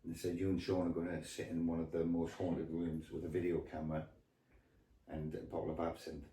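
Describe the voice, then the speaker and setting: A man's voice: deep voice, monotone, a little fast, warm tone, echoey room, distant mic, a little hiss or hum. A man being interviewed as an actor guest, talking in a rambling, jokey way with plenty of restarts. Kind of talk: casual interview chat.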